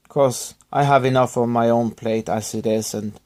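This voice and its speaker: Male vlogger, subdued and halting, recovering from illness, apologetic in tone. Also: mid-range voice, steady tone, darkish tone. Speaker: YouTuber thanking subscribers. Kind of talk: rambling personal vlog.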